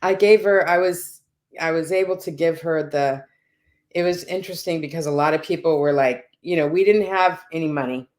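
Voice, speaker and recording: A woman with a fairly low speaking voice shares a personal story as an interview guest. She talks in an earnest, conversational way and often asks "right?" to keep her listener with her. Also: normal speed, a little mellow.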